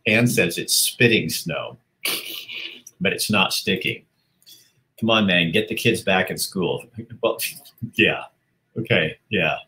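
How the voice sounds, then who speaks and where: Brief: male livestream host, deep voice, chatty and rambling, reads comments out loud. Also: rough recording. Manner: chatty, rambling, laughs often. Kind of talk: casual chat reading viewer comments aloud.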